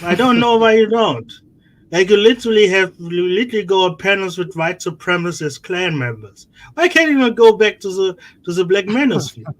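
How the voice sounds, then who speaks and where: A man's voice: high-pitched, expressive, a little fast, fairly bright tone. A man talking as a guest on a livestream, blunt and rambling, swearing freely. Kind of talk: casual livestream chat.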